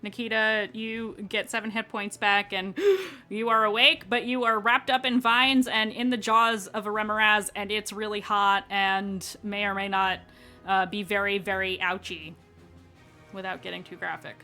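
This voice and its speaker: Bright-voiced woman running a tabletop game. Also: medium pitch, little pitch movement, normal speed, faint music behind. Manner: friendly, explains rulings, checks in with players. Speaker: dungeon master.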